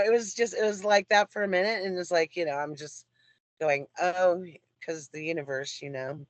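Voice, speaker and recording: A talkative woman guest telling a story in an animated way and laughing often. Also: fairly low pitch, normal speed, no echo. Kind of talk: storytelling chat.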